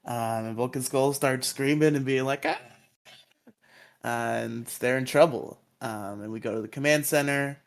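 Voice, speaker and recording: A man's voice: medium pitch, moderate pace, few pauses. A man co-hosting a podcast, recapping episodes casually, laughing often and acting out quotes in silly voices.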